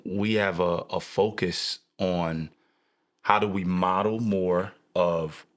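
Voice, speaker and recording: Young man, podcast co-host; low-pitched, animated and jokey, leans into preacher-style emphasis. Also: slow pace. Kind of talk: casual chat.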